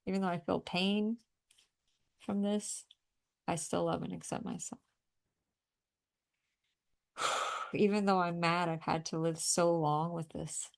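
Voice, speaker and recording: A woman leading a group energy clearing session, coaching listeners through breathing and tapping with emphatic, outspoken encouragement and the occasional swear word. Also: fairly low pitch, little pitch movement, slow, long pauses. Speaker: energy healing facilitator.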